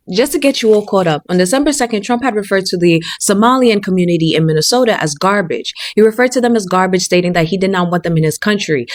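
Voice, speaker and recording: A woman commentator talking to her followers in a rhetorical, deliberate and defiant way. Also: mid-range voice, no room sound, clean studio sound. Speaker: social media commentator. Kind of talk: direct-to-camera commentary.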